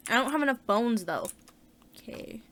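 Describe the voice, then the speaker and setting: एक महिला अपना गेम खेलते हुए बातचीत के अंदाज़ में कमेंट्री करती है, ज़ोर से सोचती है और बीच-बीच में उत्साह से उछल पड़ती है।. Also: female voice, on the high side, normal speed, a little hiss or hum. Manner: chatty, thinks aloud, bursts of excitement. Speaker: gaming channel host. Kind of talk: casual let's-play commentary.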